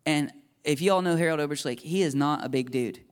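Young male preacher, sermon testimony, a touch high, animated storyteller. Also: brisk, clear, resonant tone. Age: young adult. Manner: animated storyteller, jumps into high excited voices for quoted thoughts. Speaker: pastor.

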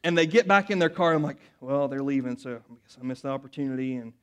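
A middle-aged man preaching a sermon, telling rambling personal stories full of restarts that build up into loud excitement. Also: medium pitch, quick pace, smooth.

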